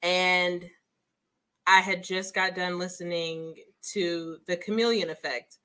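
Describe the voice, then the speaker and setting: A woman hosting a book club interview, chatty and quick to laugh, often affirming her guest. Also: fairly low pitch, fairly even intonation, bright, forceful tone, smooth. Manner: chatty, giggly, frequent affirmations. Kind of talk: casual interview chat.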